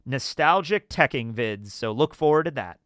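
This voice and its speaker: A man talking on a casual live stream, his voice bright and smooth. He rambles through questions and stories and gets animated along the way. The sound is dry and close to the mic. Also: medium pitch, normal speed, no room sound. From United States. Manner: rambling, animated storytelling with laughs.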